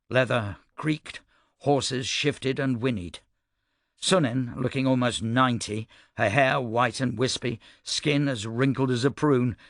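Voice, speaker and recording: A man reading an audiobook in steady, even scripted narration. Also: mid-range voice, gravelly, no room sound, clean studio sound.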